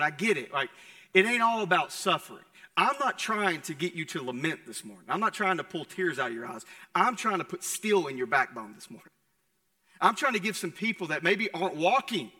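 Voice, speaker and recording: A young adult man preaching a sermon in a conversational way, moving between loud and hushed passages. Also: sits high, long reverb tail. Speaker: pastor. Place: church sanctuary.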